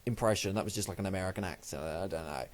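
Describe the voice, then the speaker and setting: A man's voice: sits low, rapid-fire. Rambling, sweary man reviewing wrestling. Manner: rambling, sweary, loses his train of thought. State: sleepy, just woken up. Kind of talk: casual solo review vlog.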